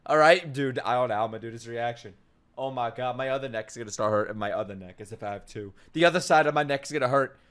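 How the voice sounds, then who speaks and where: A man hosts a live anime reaction, exclaiming, swearing, and cracking jokes as he watches. His voice is medium in pitch and quick, with the show's soundtrack music playing behind him.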